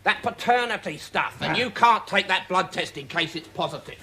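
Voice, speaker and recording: A man's voice: sits high, expressive, normal speed, pushed and bright, full character voice. An actor with a British accent playing a sarcastic, scheming male agent in a studio sitcom, heard over a live audience. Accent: British English.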